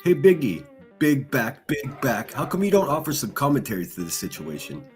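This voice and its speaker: A man's voice: medium pitch, wildly swooping pitch, moderate pace, soft background music. A man hosting a livestream, reading chat and mocking people with crude insults and laughter. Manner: insulting, sneering, laughs at own jokes. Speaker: livestream host.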